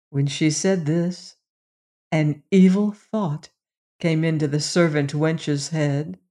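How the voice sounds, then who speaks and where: A storyteller reading a fairy tale aloud in a slow, measured way. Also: mid-range voice, warm tone.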